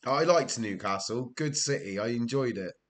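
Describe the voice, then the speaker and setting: A young Welsh gaming streamer with a mid-range, animated voice chats casually at a moderate pace while playing a football management game on a live stream. He's a chatty storyteller who laughs often and answers his chat as he goes.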